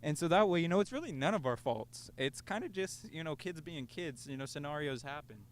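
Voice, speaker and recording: A man's voice: on the high side, expressive, brisk. A young man co-hosting a casual podcast on a rooftop, telling stories in a laid-back way with swearing and laughter. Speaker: podcast co-host. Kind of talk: casual storytelling chat. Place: outdoors on a rooftop.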